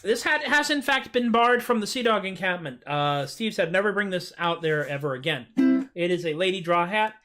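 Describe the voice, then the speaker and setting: A man's voice: lively intonation, normal speed, bright, forceful tone. A man hosting a live music stream, bantering goofily and theatrically between comic songs. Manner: goofy, theatrical, jumps in pitch. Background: acoustic guitar.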